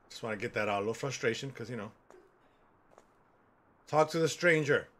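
Lively intonation and a fairly quick pace mark this mid-range male voice. A forties-aged streamer jokes his way through a game, shouting, cursing, and chatting back at the characters he sees.

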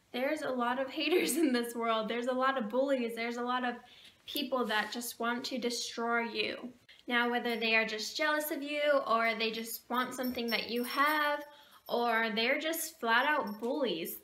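A young woman speaks straight to camera in an earnest, emotional, slightly preachy way. Her voice is bright and fairly high. The room is echoey, with a faint hiss of background noise. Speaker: vlogger. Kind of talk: heartfelt talk to camera.

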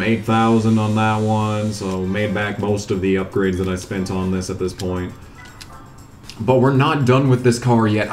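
A young man with a fairly low voice grumbles and swears his way through casual gameplay commentary. He sits a bit back from the mic in an echoey room, with faint noise underneath. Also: far from the mic. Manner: grumbling, profane, laid-back rambling.

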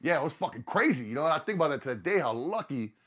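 Podcast host, man, casual profane storyteller, slightly higher voice. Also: sing-song, fast, a bit bright.

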